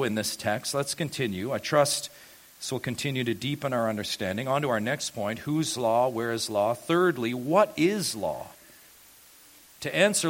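A male pastor preaching an expository sermon who asks the congregation rhetorical questions, rising loud on key points and then dropping low and soft.

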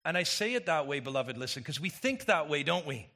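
A male pastor preaches with a lively, rising and falling delivery and a bright, forceful edge to his voice. He presses his points with rhetorical questions to his listeners, sounding emphatic throughout. His pitch sits a little above that of most men. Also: a little fast. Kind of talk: sermon.

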